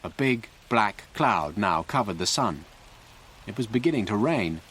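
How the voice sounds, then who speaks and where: A man narrating a graded story for English learners in a clear, deliberate way. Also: lowish voice, lively intonation, fairly bright tone. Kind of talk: slow scripted story narration.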